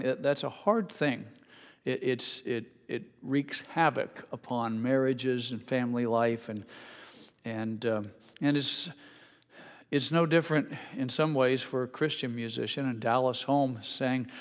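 Halting pastor preaching in a reverberant hall. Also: male voice. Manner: halting, repeats words, rises to emphatic high passages. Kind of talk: sermon.

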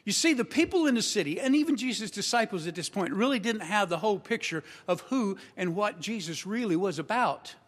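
Male pastor, high voice, storytelling sermon, long hall reverb. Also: lively intonation, a little fast, few pauses. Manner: storytelling, acts out quoted voices.

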